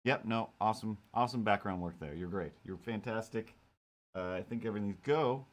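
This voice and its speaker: A man's voice: on the low side, fairly quick. A man hosting a live stream while he draws, rambling and joking to himself and his viewers in a casual chat. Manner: rambling, jokey, talks to himself. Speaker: streamer drawing cat comics.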